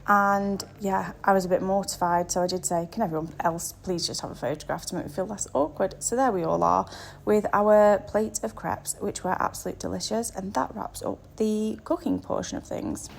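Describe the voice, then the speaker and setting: A woman's voice: mid-range voice, fairly quick, creaky, few pauses, a little hiss or hum. A woman narrating her travel vlog in a chatty, self-deprecating way, with plenty of fillers. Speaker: travel vlogger.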